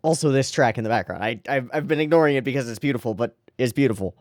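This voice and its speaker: An anime reaction host talking casually and excitably, rambling into giggly asides while watching an episode. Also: mid-range voice, fast, no room sound, studio quality.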